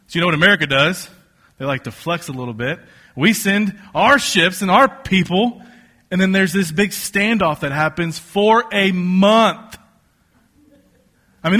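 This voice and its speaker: A man preaching a casual, joking sermon to a congregation, telling stories with lively asides. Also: on the high side. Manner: conversational, joking, animated storytelling. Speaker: pastor. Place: church stage before a congregation.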